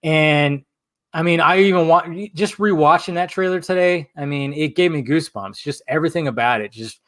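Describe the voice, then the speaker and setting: A man hosting a casual film chat over a call, excited, swearing freely and acting out movie lines. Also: on the high side, normal speed, dry recording, clean studio sound. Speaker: podcast host.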